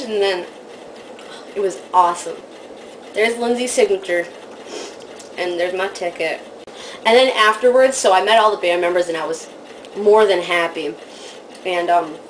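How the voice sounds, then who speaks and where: Woman vlogger, casual storytelling, gushing and excitable, squeaky quoted voices, faint background noise. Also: moderate pace, pauses often, low-quality recording.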